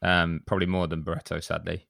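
A man's voice: low-pitched, completely flat delivery, fast talker, vocal fry, a bit bright, no echo, clean studio sound. An English man hosting a podcast, leading the conversation and teasing his co-hosts. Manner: leads the talk, teasing. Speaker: podcast host. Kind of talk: casual chat.

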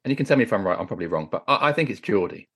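A man's voice: low-pitched, animated, racing, a bit bright, husky. A man co-hosting a podcast, chatty and hesitant, stumbling over his words and playing down his own opinions. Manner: hesitant, chatty, self-deprecating. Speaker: podcast co-host. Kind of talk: casual interview chat.

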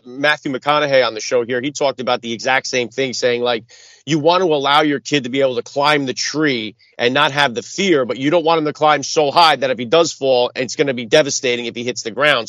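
A man's voice: mid-range voice, fairly quick, a bit bright, no echo. Earnest male interview host. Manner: conversational, earnest questioning. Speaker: podcast host. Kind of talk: interview conversation. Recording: dry, dull lo-fi recording.

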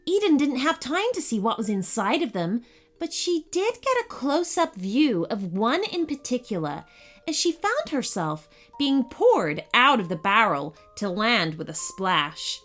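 A woman reads a children's story aloud at a slow, unhurried pace, her voice lifting and falling with animated expression. Her pitch sits a little high, and soft music plays faintly underneath. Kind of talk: children's bedtime story narration.

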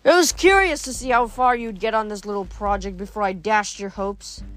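A woman's voice: medium pitch, normal speed, a bit bright, lightly acted. A woman reading aloud, voicing a cruel, mocking middle-aged king who sneers and taunts, for an audiobook.

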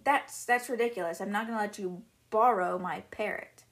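A woman's voice: mid-range voice, normal speed, lightly acted. Matter-of-fact young boy, plain voice, played by a woman retelling the book.

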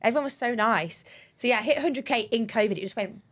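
A young woman, co-hosting a podcast and telling a personal story in a chatty, animated way, full of laughs and the odd swear word. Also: a little high, fast. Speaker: podcast co-host. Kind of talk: casual chat.

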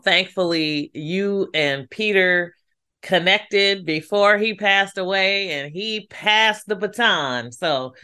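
A woman hosting a podcast, speaking slowly in a bright, smooth voice. She is encouraging and praises her guest. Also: fairly low pitch. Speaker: podcast host. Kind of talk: casual podcast interview.

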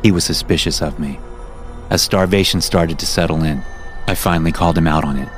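A man narrating a first-person horror story for a podcast, reading it as a script and lifting his voice for the quoted lines. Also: fairly quick. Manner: acts out quoted lines louder and higher. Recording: music playing under the voice.

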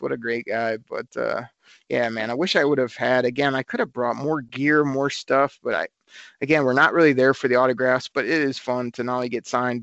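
A man co-hosting a podcast, telling a story in a casual, animated way and acting out the quotes. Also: medium pitch, vocal fry, no room sound, muffled recording. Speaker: podcast co-host.

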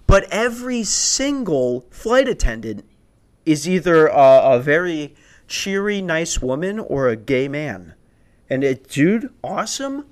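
A young adult man telling stories on a podcast in a casual, rambling way, swearing and laughing often and restarting his sentences. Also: mid-range voice. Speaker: podcast host. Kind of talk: casual storytelling chat.

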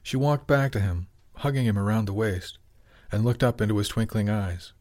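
A man narrating an audiobook chapter in an even, measured storytelling manner. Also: on the low side. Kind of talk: scripted narration.

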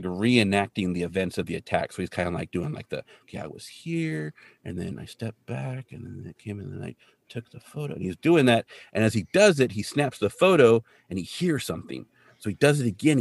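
Animated low-voiced male podcast co-host. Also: dry recording. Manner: animated, chatty, full of likes and asides. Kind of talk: casual chat recapping a TV episode.

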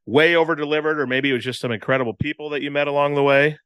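A man's voice: on the high side, fairly even intonation, rapid-fire, fairly bright tone, clean tone, no echo. A man hosting a podcast, asking questions in an upbeat, encouraging way and laughing along with his guest. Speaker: podcast host. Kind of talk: casual interview.

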